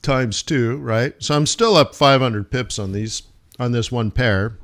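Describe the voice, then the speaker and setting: A man's voice: medium pitch, unhurried, fairly bright tone. A man hosting a live forex trading stream, talking through charts in a casual, rambling way with joking asides.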